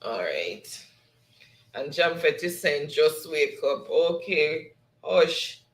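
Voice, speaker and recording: Guy hosting a stream, reads out the chat, laughs a lot, kinda high voice, echoey room. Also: very animated, slow, fairly bright tone, slight background noise. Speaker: livestream host. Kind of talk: reading live chat aloud, casual sign-off. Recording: roomy echo.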